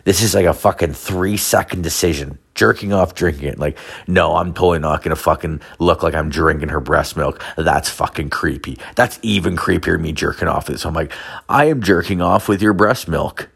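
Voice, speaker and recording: A man with a very low, gravelly voice tells a confessional story in a loose, rambling way. His sentences are heavy with profanity and filler words, and the fry sits under nearly every phrase. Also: a little fast, few pauses, fairly bright tone.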